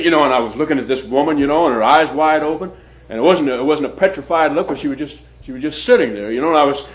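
Halting male preacher on lo-fi tape. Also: a little high. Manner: halting, repeats words, many fillers. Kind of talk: sermon with a personal story. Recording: dull lo-fi recording.

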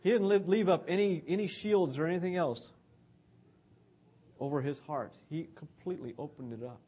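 A man's voice: on the high side, normal speed, warm tone, slightly rough. A man giving an earnest, conversational sermon about scripture.

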